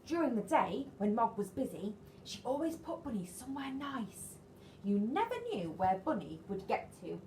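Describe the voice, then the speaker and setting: A woman, a nursery teacher reading a picture book to young children in an animated, sing-song way and asking them questions. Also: fairly high pitch, moderate pace, a little hiss or hum. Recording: echoey room, faint ambience.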